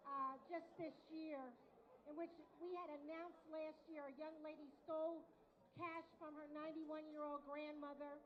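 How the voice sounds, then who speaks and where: Representing a unit of a prosecutor's office, a high-voiced woman speaks at a luncheon event in a big hall. Her chatty talk is aimed straight at the audience, captured in dull, lo-fi audio.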